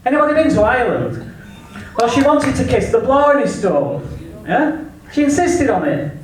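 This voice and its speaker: A man's voice: very high-pitched, big pitch swings, moderate pace. A man with an English accent doing a crude stand-up comedy set, delivering brash punchlines. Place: comedy club stage. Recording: echoey venue from far off, faint noise. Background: audience laughter.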